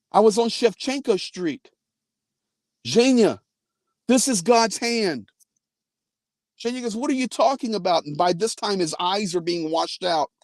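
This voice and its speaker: A man's voice: high voice, background noise. A man hosting a live faith-based update from inside his car, telling a story earnestly and quoting others. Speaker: host.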